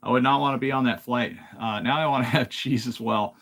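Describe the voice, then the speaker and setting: A man's voice: medium pitch, brisk, fairly bright tone. Chatty man on a kitchen live stream. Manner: chatty, thinks aloud while working in the kitchen. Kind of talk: casual live-stream chat. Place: home kitchen.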